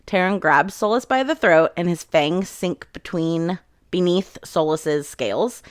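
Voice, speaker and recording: A woman's voice: fairly low pitch, expressive, measured pace, no room sound, clean studio sound. A woman hosting a book channel, casually recapping chapters and retelling scenes in quoted voices.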